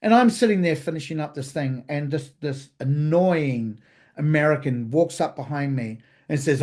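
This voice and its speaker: Animated, swearing storyteller man. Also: a little high, moderate pace. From New Zealand. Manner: animated, profane, acts out quoted dialogue. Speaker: podcast guest, chef. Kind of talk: casual storytelling.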